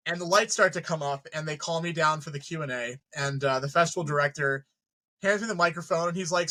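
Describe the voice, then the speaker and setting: A filmmaker being interviewed tells his stories with real animation and swears freely, acting out his own reactions as he goes. His voice sits a little high and rings bright. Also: fast talker, low-quality recording. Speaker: filmmaker guest. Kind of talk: casual storytelling.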